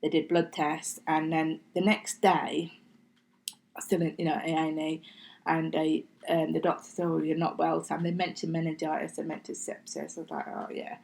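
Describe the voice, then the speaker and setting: This middle-aged podcast guest has a low-pitched, somewhat mellow voice with vocal fry and little pitch movement, speaking at normal speed on a low-quality recording. Chatty and casual, she relates her story in interview form, voicing other people's lines and occasionally slipping into near-whispers.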